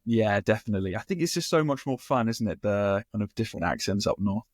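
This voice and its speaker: Relaxed southern English man, lowish voice. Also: quick pace, background noise. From Hampshire, southern England. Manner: relaxed, easygoing, chatty. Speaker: English teacher, guest. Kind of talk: casual chat.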